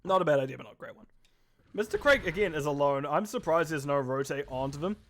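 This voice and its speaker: Chatty male esports caster, fairly high voice. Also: lively intonation, fairly bright tone. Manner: quick, chatty, often correcting himself mid-line. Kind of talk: live play-by-play game commentary.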